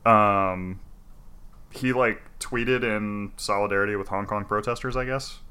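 A man's voice: fairly low pitch, fairly even intonation, a little slow, pushed and bright, smooth. A man explaining news in casual podcast chat, laid-back, with lots of fillers and swearing.

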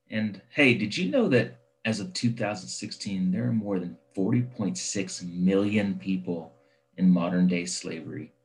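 Man, podcast host, very deep voice, earnest appeal read. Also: rough recording. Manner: earnest, persuasive. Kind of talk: sponsor-style appeal read.

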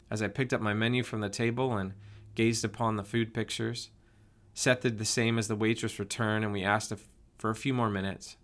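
Male narrator, lower voice, calm even first-person story reading.

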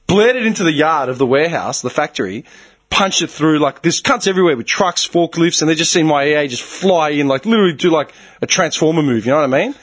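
An Australian man in his thirties tells a story in casual chat, swearing often and acting out what other people said. His voice sits a little high and swings widely up and down. The tone is husky and a little rough. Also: fast. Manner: swears a lot, animated storytelling with acted-out quotes.

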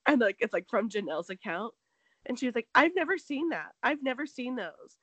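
A woman's voice: a little high, fairly quick, husky, dry recording, poor audio. A woman co-hosting a casual gossip chat, retelling a story with lots of "like" and acting out the quotes. She says she is sick. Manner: animated storytelling, acts out quotes, heavy "like".

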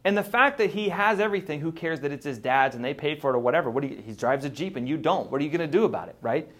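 Animated male preacher, slightly high voice. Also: very fast. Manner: animated, mimics voices, laughs. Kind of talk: sermon.

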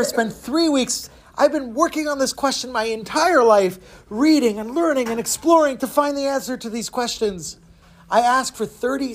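A man's voice: high-pitched, a little mellow, husky, voice pushed up, full character voice. A man voicing a desperate male seeker who pleads for answers in a raised, strained voice. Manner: pleading, rising voice.

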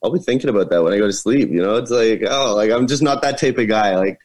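A man from Canada, a guest in a casual interview, telling stories in a relaxed way with lots of fillers. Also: lowish voice, quick pace. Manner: laid-back storyteller, many fillers like "like" and "uh". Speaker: guest, viral comedy creator.

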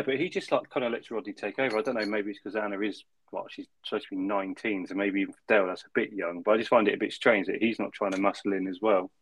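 A man's voice: lowish voice, a little hiss or hum. A man, co-hosting a casual podcast chat, chatty and swearing freely as he retells scenes. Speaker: podcast co-host.

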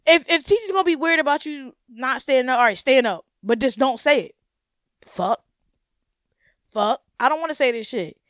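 Young woman podcaster going off, cussing a lot, kinda high voice, dead dry mic. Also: normal speed, no echo. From United States. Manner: blunt, profane, animated, laughs often. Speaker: podcast host. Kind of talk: casual solo podcast rant.

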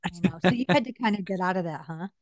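A woman's voice: lowish voice, fast talker. A woman in her forties co-hosting a casual podcast, talking with radio-style emphasis and laughing often. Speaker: podcast co-host and voice actor. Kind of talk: casual chat.

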